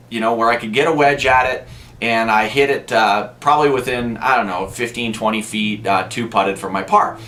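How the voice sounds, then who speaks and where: A man with a voice of middle pitch works as a golf instructor and talks casually to his viewers. He chats his way through personal stories and often breaks off and restarts his sentences. He sounds like he is talking directly to the camera. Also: fairly bright tone. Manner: chatty storytelling, frequent restarts.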